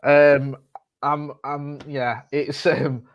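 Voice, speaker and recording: A man's voice: a little high, very slow, highs cut off. A man, co-hosting a casual podcast chat, sweary and rambling as he tells his stories. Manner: sweary, rambling, animated storytelling. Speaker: podcast co-host.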